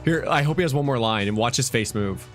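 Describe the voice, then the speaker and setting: Male co-host, animated and jokey, bright voice, faint game music. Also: medium pitch, fast talker. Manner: laughing, animated, joking commentary. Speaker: streamer co-host. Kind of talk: casual gameplay reaction chat.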